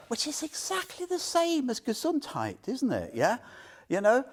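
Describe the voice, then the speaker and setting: A man's voice: very high voice, moderate pace. A man giving an informal Buddhist talk to a small group, telling stories with questions and laughter. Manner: animated storyteller, asks listeners questions, laughs often. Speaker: Buddhist teacher.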